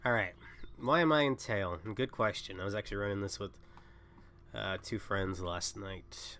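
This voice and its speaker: A man's voice: on the low side, normal speed, fairly bright tone, slight background noise. A young man who is sick, chatting casually and rambling while livestreaming a game. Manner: rambling, self-interrupting. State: sick, coughing. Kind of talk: casual gaming livestream chat.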